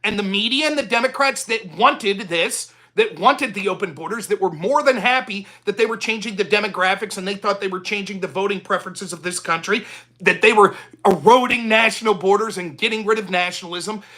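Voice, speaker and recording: A male talk show host rants alone into the mic in an angry, confrontational way. He curses freely and keeps turning on his listener. His voice stays bright and sharp the whole way through. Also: high voice, fairly quick. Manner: talks straight at the listener. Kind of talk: solo ranting commentary.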